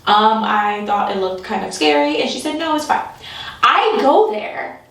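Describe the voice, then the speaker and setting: A woman telling a comic story in an animated way, laughing often and acting out the voices of the people in it. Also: mid-range voice, measured pace. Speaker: comedian. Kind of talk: storytelling comedy. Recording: echoey room, from a distance.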